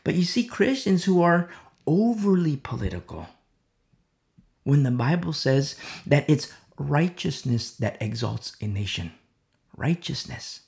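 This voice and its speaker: A man preaching a sermon as pastor, swinging between loud emphatic lines and hushed near-whispers. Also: a little high, big pitch swings, measured pace, creaky. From America.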